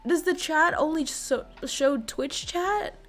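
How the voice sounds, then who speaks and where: A woman livestreamer chatting casually with her viewers, excitable, laughing often and swearing freely. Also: high voice, slow, faint music behind.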